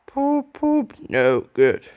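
A man voicing a big, proud male steam engine in a storybook, loud and boastful, grumbling when things go wrong. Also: fairly low pitch, expressive, takes it slowly, smooth, dry recording, highs cut off.

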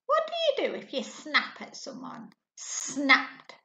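A woman teacher guiding a reading lesson, asking her pupils questions patiently and often clearing her throat. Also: extremely high pitch, wildly swooping pitch, sharp tone. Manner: slow and patient, asks questions to the class. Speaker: primary school teacher. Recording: echoey room, dull lo-fi sound.

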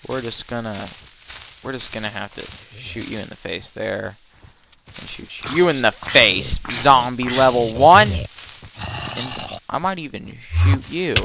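A man commentating his own gameplay, excitable and given to panicky strings of no no no. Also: mid-range voice, slow, creaky, background noise. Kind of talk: let's play commentary.

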